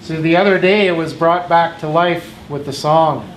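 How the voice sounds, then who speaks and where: A man hosting a community feast, telling stories to the crowd in a slow, unhurried way. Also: a little high. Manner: slow, storytelling delivery. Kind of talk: speaking to a crowd. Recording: roomy hall with faint background noise.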